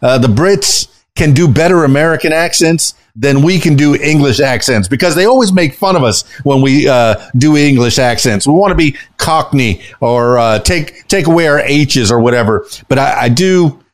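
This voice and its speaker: A man in his fifties hosting a podcast interview, excitable and jokey, gushing over his guest. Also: medium pitch, normal speed, hardly any pauses. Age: 50s. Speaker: podcast host and club DJ. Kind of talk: casual interview chat.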